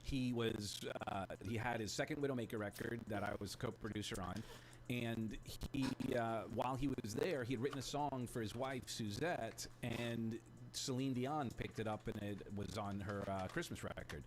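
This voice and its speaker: A man being interviewed as a guest over a choppy remote call, telling stories in a relaxed, rambling way with fillers. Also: on the low side, moderate pace, a little hiss or hum. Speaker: guest, music producer. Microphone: remote video call link, choppy.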